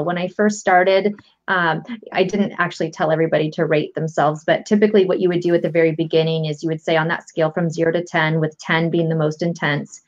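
A woman guest coach calmly walking listeners through a tapping technique step by step, with a patient, explanatory manner. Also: fairly low pitch, a little fast. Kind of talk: instructional explanation. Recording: lo-fi dull audio.

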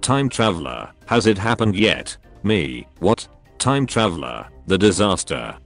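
Low, animated male voice-over reading meme captions briskly over clear music. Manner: brisk caption-by-caption reading, quick jumps between jokes. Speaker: meme compilation narrator.

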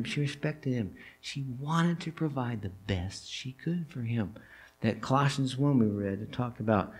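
A man preaches in a church with a mid-range voice and a rough, gravelly grain. He tells the story vividly and keeps turning to the congregation with questions. His delivery is that of a sermon. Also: mid-range voice, a little slow. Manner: animated storytelling with rhetorical questions. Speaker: pastor. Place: church sanctuary.

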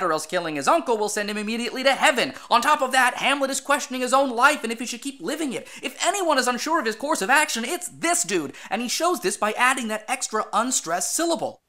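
A young adult lecturer talks through verse with a bright, animated delivery, wry and emphatic. The voice sits a little back from the mic in an echoey room. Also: medium pitch, far from the mic. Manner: lively, wry, emphatic when stressing rhythms. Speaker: teacher.

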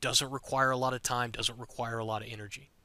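A man teaching pattern trading while walking through charts, talking fast and direct. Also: medium pitch, fairly even intonation, bright, forceful tone, dry recording. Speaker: trading educator. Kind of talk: screen-recorded chart walkthrough.

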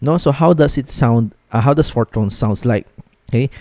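Filipino male teacher, casual code-switching explainer, mellow voice, dry recording. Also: mid-range voice, normal speed, no room sound. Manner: switches between English and Tagalog; repeats checks like "okay?" often. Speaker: language teacher. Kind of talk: casual video lesson.

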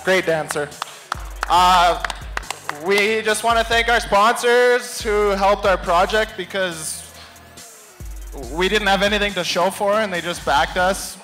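High-voiced man cracking jokes. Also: slow, faint music behind. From Canada. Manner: goofy, deadpan joking. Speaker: award winner giving acceptance speech. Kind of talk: casual joking acceptance speech. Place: bar at an awards night.

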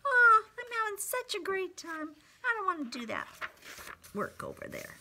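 Carefree lazy bird lady, breezy and smug, high chirpy pitch, as a woman puts her on. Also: very animated, moderate pace, noisy background, heavily acted. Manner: breezy, self-satisfied.

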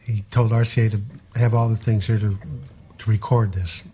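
An older man, a former tour photographer, recalling his memories in an unhurried, rambling way with frequent fillers. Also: on the low side, little pitch movement, muffled recording, a little hiss or hum. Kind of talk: conversational anecdotal storytelling.

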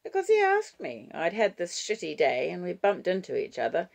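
Woman doing a brisk, self-absorbed grandmother for an audiobook; animated intonation, gravelly edge. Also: fairly low pitch, pitched above the performer's own voice, heavily acted. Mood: chatty.

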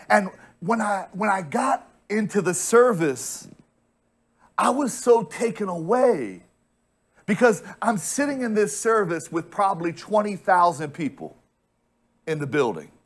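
An American pastor preaching with emphatic storytelling, his voice sitting fairly high for a man. He doubles back on words as he builds a point. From United States. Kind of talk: sermon.

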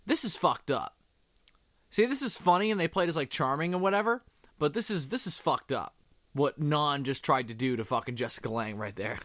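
Man, movie commentary co-host, chatty, reacts to the screen, lively pitch, dry sound. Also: moderate pace, no echo. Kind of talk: casual movie commentary chat.

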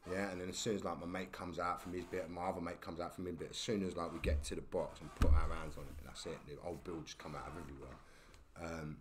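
A man, a podcast guest telling stories in casual talk, animated and full of slang and tag questions. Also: deep voice, fast, background noise. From England. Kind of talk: casual storytelling.

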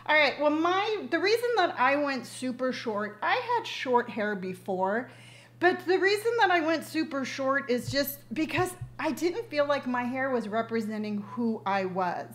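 A woman's voice: high voice, sing-song, unhurried, fairly bright tone. A woman in her fifties hosting a casual live stream, chatting effusively and reading viewer comments aloud, with lots of ums and restarts, speaking into her device's built-in mic. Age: 50s. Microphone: device's built-in mic, no external microphone.

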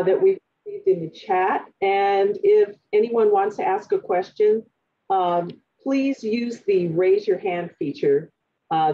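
A woman's voice: mid-range voice, slightly rough. A woman moderating a virtual town hall, taking audience questions with many fillers. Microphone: video call. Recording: dull lo-fi call audio.

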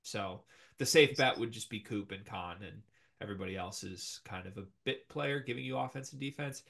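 A young man co-hosting a casual sports talk show, animated and opinionated as he ranks players, with the hiccups. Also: on the low side, vocal fry. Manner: animated, opinionated, quick rankings. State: has the hiccups. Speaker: podcast co-host.

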